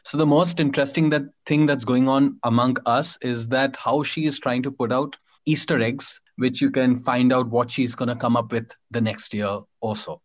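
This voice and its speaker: A man's voice: medium pitch, steady tone, moderate pace, few pauses, highs cut off. A young man on a podcast team, explaining plainly in casual chat, a little hesitant.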